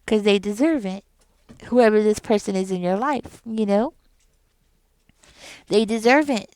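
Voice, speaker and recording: A middle-aged woman doing a casual tarot reading, talking right at the viewer in an emphatic, animated way. Her voice is smooth and clear. It sounds close and dry, with no room around it. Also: mid-range voice, a little slow, dry recording. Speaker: tarot reader.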